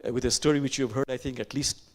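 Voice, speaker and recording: A man, an imam, giving a reflective sermon, slow and unhurried with pauses and soft, whispered asides. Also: medium pitch, steady tone.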